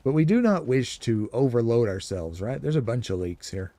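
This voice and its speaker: A man's voice: mid-range voice, expressive, moderate pace, warm tone. A man giving casual, rambling commentary while streaming a video game. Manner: chatty, rambling, explanatory. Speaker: gaming streamer.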